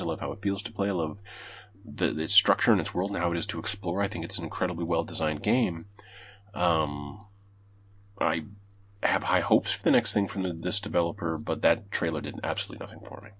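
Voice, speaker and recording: A man's voice: low voice, a little fast, fairly bright tone, slight background noise. A man hosting a casual gaming podcast, reading out news and giving blunt, opinionated takes with plenty of swearing.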